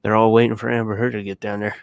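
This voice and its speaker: A man's voice: on the low side, flat delivery, racing, creaky, smooth, no room sound. A man co-hosting a casual live stream, rambling and stumbling over his words, laid-back and profane. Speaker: stream co-host.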